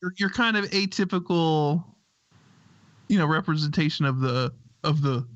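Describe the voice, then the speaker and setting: A man co-hosting a livestream in a casual chat, thinking aloud slowly with many restarts. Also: a little high, fairly bright tone, no echo, muffled recording. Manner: slow, thoughtful, hesitant with restarts. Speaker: podcast co-host.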